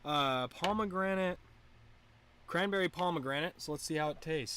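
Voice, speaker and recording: Bright-voiced man, profane stoner chat. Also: clear, resonant tone. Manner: profane, rambling, laid-back, deliberately pitched-up head voice. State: getting high while talking. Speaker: livestream host. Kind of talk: casual stoner livestream chat.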